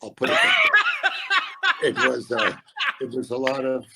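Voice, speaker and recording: Gravelly older guy spinning deadpan stories, voice swoops all over. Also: mid-range voice, heavy background noise. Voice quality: gravelly, husky. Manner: deadpan storyteller doing quick voices of others. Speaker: guest comedian. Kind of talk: casual storytelling chat.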